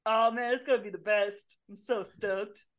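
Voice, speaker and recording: A woman's voice: mid-range voice, fairly even intonation, normal speed, fairly bright tone, close to an everyday voice. A woman voicing a laid-back male band manager, a surfer bro with a froggy, Kermit-like voice and drawling slang. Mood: stoked.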